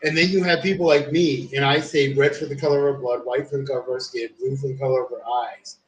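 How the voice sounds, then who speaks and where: A man on a stream rambles through lengthy anecdotes, swearing and using lots of fillers as he chats casually. He talks quickly in a medium pitch with fairly even intonation, and the room is echoey with faint background sound.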